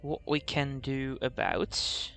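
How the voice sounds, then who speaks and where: A man's voice: mid-range voice, takes it slowly, creaky, pushed and bright, faint music behind. A young man hosting a let's-play, thinking aloud as he plays and saying "okay" over and over. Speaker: gaming channel host. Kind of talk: casual let's-play commentary.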